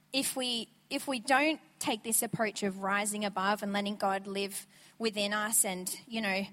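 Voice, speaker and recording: Woman guest preacher, high voice, energetic conversational sermon, church reverb. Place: church sanctuary. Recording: church sanctuary with long reverb.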